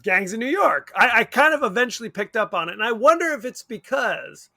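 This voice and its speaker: A man's voice: very high voice, sing-song, a little fast, gravelly, sharp tone, dry recording. A man co-hosting a podcast, talking about a movie in a rambling, wry way and often correcting himself. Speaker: podcast co-host. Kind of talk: casual movie chat.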